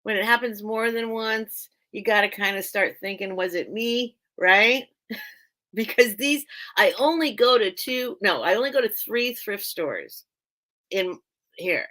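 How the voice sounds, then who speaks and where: A woman's voice: mid-range voice, lively intonation, measured pace, sharp tone. A woman hosting a live online sale, chatting casually and rambling as she loses her train of thought and laughs often. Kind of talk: casual live-stream chat.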